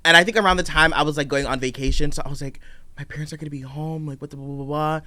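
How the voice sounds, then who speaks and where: Bright-voiced young man guest. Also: a little high, racing. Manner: relaxed, self-deprecating, laughs often. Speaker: podcast guest. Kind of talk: casual chat.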